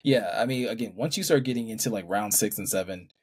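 A man co-hosting a casual sports chat, measured and hedging his points. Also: on the low side, breathy edge. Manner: measured, hedging with "again" and "I mean". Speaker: co-host.

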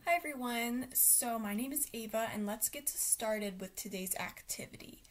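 A woman leading a children's craft activity, giving friendly, relaxed instructions with frequent fillers. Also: fairly high pitch, normal speed, noisy background.

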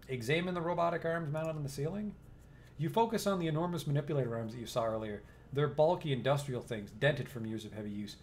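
A man's voice: a little high, fast, a little hiss or hum. A young man casually commenting on a game and reading its text aloud, in an offhand way with the occasional swear. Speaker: let's play host.

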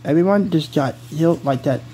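A man's voice: on the high side, brisk, dark tone, a little hiss or hum, rough recording. A man casually telling a made-up hero story, giggling and rambling, often breaking off mid-sentence.

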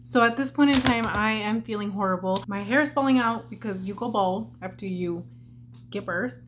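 A woman's voice: mid-range voice, normal speed. A young woman talks her way through a makeup routine in a casual home vlog, candid and chatty, scattering "like" through her sentences. Her voice sits in an ordinary middle register. A faint hum runs under the recording. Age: young adult. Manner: candid and chatty, many "like" fillers. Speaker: vlogger.

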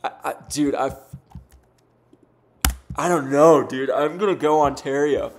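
A man's voice: on the high side, unhurried, slight background noise. Casual young male gaming streamer. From United States. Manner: laid-back, swears often, talks in bursts with fillers and self-deprecating jokes. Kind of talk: casual gameplay commentary.

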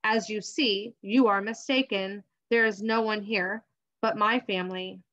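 Woman reading as a calm guarded dad, steady, plain voice, muffled lo-fi. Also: medium pitch, unhurried. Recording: dull lo-fi recording.

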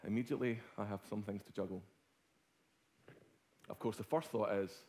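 A middle-aged Scottish man preaching a sermon as a guest speaker, telling a personal story with swings from hushed to loud. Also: lowish voice, fairly even intonation, normal speed. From Scotland.

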